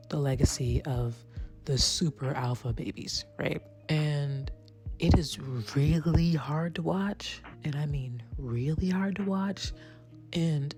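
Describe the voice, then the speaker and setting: A woman's voice: extremely low pitch, darkish tone. A woman chatting casually as she recaps a TV series, peppering her talk with "right?" and the odd swear word, over faint background music. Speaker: show reviewer.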